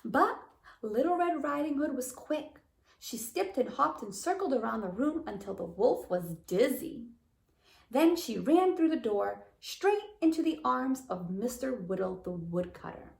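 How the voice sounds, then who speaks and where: Woman reading to kids, slow, lively pitch, slightly gravelly, roomy echo. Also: recorded from a distance. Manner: expressive, gasping and wondering aloud. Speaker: preschool teacher. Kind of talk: storybook read-aloud for children.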